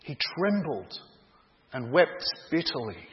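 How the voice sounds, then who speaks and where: A man preaching a sermon, telling a story in a dramatic, deliberate way. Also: fairly high pitch, sing-song. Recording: dull echoey hall sound.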